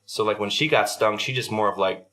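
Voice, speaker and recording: A man's voice: lowish voice, fairly quick, sharp tone. A young adult man hosting a podcast, telling a story in a casual, profanity-heavy way. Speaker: podcast host.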